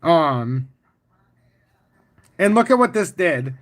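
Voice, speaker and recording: A man's voice: a little high, slow. Boastful, swearing man hosting a livestream. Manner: boastful and confident; profane, animated storytelling. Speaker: crypto livestream host. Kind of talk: casual livestream chart talk, answering chat.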